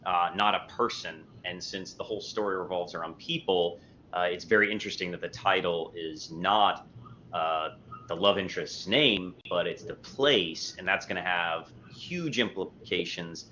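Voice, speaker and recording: A man's voice: sits low, moderate pace, pushed and bright. A man co-hosting a casual book discussion, joking around and putting on a mock accent. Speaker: book video co-host. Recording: dull lo-fi audio with faint hiss.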